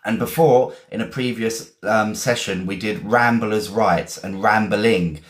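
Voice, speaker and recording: A man from England with an English accent, teaching vocabulary in a chatty, encouraging way, repeating and spelling words slowly. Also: lowish voice, echoey room. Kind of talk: live-streamed vocabulary lesson.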